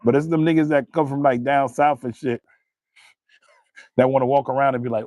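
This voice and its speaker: A young man from New Jersey with a New Jersey accent, chatting casually on a live stream, animated and profane, laughing often. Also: mid-range voice, brisk, no room sound.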